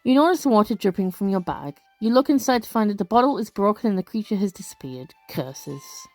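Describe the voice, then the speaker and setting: Animated woman playing a game aloud. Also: medium pitch, quick pace, no echo, soft background music. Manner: expressive, gasping reactions, chatty asides. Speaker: let's play creator. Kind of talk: casual game commentary and reading game text aloud.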